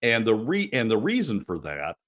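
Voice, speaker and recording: A man's voice: on the low side, wildly swooping pitch, normal speed, fairly bright tone. A man speaking as a regular guest commentator on a radio talk show, emphatic and exasperated, often restarting his sentences.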